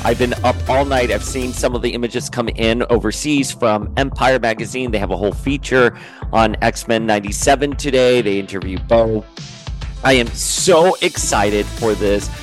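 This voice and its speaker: A man hosting an excited fan reaction show, gushing and stammering through restarts. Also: medium pitch, moderate pace, soft background music. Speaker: YouTube show host.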